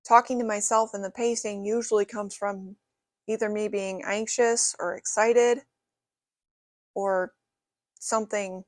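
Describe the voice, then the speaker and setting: A young woman vlogging to camera in a casual, rambling way, hedging often and pausing on fillers. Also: mid-range voice, dry recording, clean studio sound. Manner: rambling, hesitant, with fillers and qualifiers.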